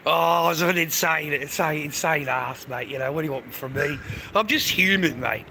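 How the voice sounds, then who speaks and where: Speaking into a handheld phone, a middle-aged Australian live streamer rambles loosely and profanely, addressing the viewer directly at a normal speed. His voice is a little high, pushed and bright, and there's slight background noise.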